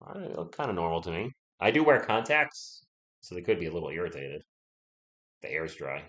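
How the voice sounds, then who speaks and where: A hoarse young man with a sore throat calls a game live, sounding sick. His low voice swings widely in pitch, he talks a little fast, and the sound is roomy. As a stream host reading chat casually, he's chatty, answers viewers, and holds back from yelling.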